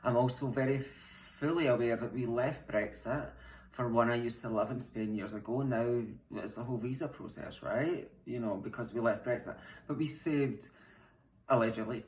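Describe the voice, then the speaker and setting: A woman's voice: very deep voice, darkish tone. A young transgender woman with a Scottish accent, making an impassioned, frustrated appeal straight to camera from her home, blunt and swearing at times. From Scotland. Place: home, room mid-move. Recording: roomy echo.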